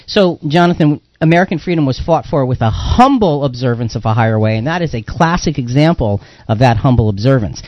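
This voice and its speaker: Animated emphatic male radio host. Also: medium pitch, a little fast, few pauses, no echo, muffled recording. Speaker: radio talk show host. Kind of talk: radio talk show discussion.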